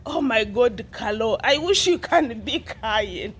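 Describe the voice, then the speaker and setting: A woman's voice: fairly high pitch, animated, takes it slowly, hardly any pauses, slight background noise. A woman vlogging casually, rambling and repeating herself, with a teasing, mocking tone. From Uganda. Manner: rambling and repetitive, with many restarts. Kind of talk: casual commentary to camera.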